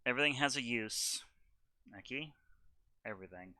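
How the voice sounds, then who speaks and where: A man playing a cold, ruthless character in a tabletop game, speaking slowly in clipped, detached lines. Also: mid-range voice, pushed and bright, no echo. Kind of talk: in-character tabletop role-play.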